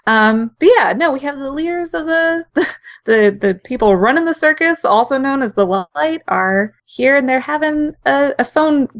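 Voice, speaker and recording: A woman co-hosting a casual chat, animated and quick to act out characters' lines. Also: sits high. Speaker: podcast co-host.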